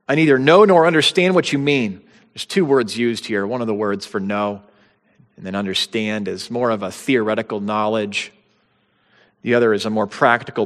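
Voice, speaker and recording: A man's voice: on the low side, fairly bright tone. A man preaching a sermon, conversational teaching with bursts of dramatic quotation. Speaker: pastor. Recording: long hall reverb.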